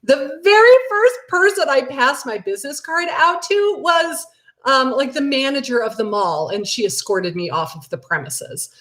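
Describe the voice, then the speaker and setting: A middle-aged woman, a real estate agent, teaching a casual live class and answering viewer questions in a chatty, animated way. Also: normal speed. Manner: chatty and animated, with big excited jumps in pitch.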